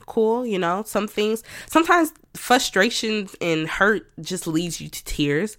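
In a clean, dry studio recording, a woman hosts her own podcast and talks candidly about herself in a personal, reflective monologue. Her mid-range voice is bright and forceful, and she drops in self-talk asides and light laughs.

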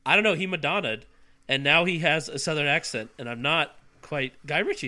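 A man with a bright, lively voice pitched a little high, co-hosting a podcast. He talks casually and riffs with jokey, sarcastic asides. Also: fairly quick. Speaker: podcast co-host. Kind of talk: casual chat.

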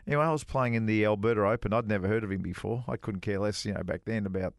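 A middle-aged man, co-host of a golf radio show, telling an animated anecdote in casual chat and putting on other people's voices as he quotes them. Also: lowish voice, racing, no room sound, studio quality. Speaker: co-host, former touring golf pro.

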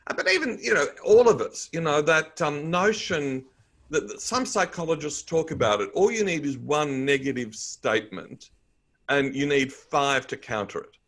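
A man's voice: on the high side, expressive, normal speed, a bit bright. A middle-aged man with an Australian accent, a guest in a conversational interview, telling upbeat anecdotes. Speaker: guest, author and speaker.

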